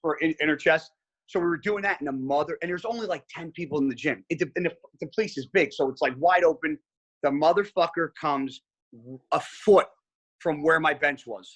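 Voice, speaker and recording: A male podcast guest, a pro bodybuilder, telling a gym story in a casual, animated way and swearing freely. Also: fairly high pitch, a little fast.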